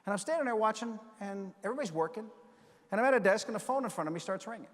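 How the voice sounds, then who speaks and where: A middle-aged man giving a conference keynote, telling a story and acting out the dialogue with lively energy. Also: high voice, very fast. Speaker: keynote speaker. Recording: long hall reverb.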